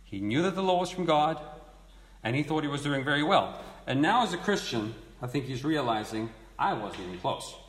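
A man's voice: on the high side, expressive, fairly quick. A man giving a verse-by-verse sermon, teaching in a conversational way and asking rhetorical questions. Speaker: preacher. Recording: echoey hall with long reverb.

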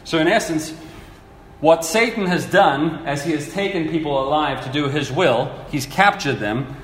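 Earnest preacher in an echoey hall. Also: male voice, on the high side, moderate pace, slight background noise. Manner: earnest, animated, acts out quotes with laughs. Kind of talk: sermon. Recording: echoey hall with faint ambience.

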